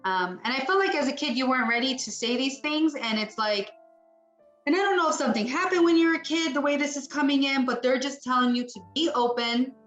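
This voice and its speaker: Woman psychic medium, chatty and rambling, crisp bright tone, echoey room. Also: high voice, fairly quick, dull audio, faint music behind. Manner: chatty, rambling, acts out spirit voices. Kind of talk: mediumship reading.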